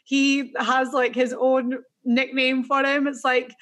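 A woman's voice: sits high, little pitch movement, slow pace, fairly bright tone. A woman with a Scottish accent, co-hosting a casual golf betting chat in an easygoing, chatty way. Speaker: co-host.

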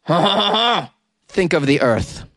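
A man voicing an excitable male French protester in an exaggerated mock French accent, cackling between slogans. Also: high voice, measured pace, dry recording, clean studio sound, voice pushed up, full character voice. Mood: manic.

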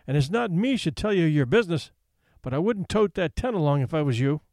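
A man's voice: a little high, animated, brisk, darkish tone, dry recording, clean studio sound. A man voicing plainspoken frontier onlookers with a drawling, folksy way of talking. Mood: wry.

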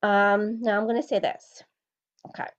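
A woman's voice: mid-range voice, little pitch movement, normal speed, highs cut off. Blunt, emphatic woman sports podcaster. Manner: blunt, emphatic, repeats points for stress. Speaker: podcast host. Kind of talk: opinionated solo sports commentary.

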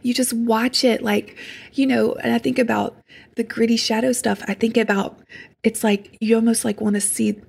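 A woman speaking as a guest in a reflective spiritual conversation, soft and earnest, sometimes dropping to a hushed near-whisper, with many fillers and restarts. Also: on the high side, little pitch movement, moderate pace, creaky, slightly rough.

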